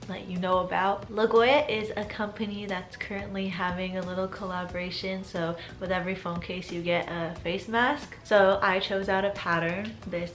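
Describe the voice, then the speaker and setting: A woman's voice: mid-range voice, steady tone, moderate pace, faint music behind. A twenty-year-old woman telling a story on her vlog in a casual, sarcastic way. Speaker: YouTuber.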